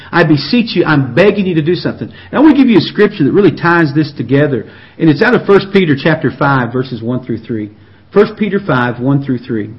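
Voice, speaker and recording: A man preaching a sermon in an earnest, pleading way, often repeating and restarting his words. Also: fairly high pitch. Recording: dull lo-fi recording.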